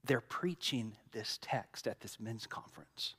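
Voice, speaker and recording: A middle-aged man, a pastor preaching a sermon with dramatic storytelling, swinging from loud to hushed. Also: lowish voice, animated, measured pace, slightly rough.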